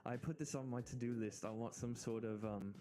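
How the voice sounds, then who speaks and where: A man's voice: mid-range voice, steady tone, brisk, warm tone. An American man streaming, chatting casually and rambling with frequent restarts and giggles. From United States. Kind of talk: casual live-stream chat. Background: faint background music.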